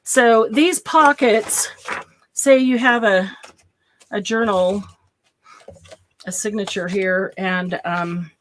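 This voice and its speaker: A chatty woman talking through a paper-craft tutorial. Her voice sits at an ordinary middle pitch. She thinks aloud and giggles easily between steps. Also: takes it slowly, long pauses, slight background noise. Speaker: craft channel host. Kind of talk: casual craft tutorial with live chat.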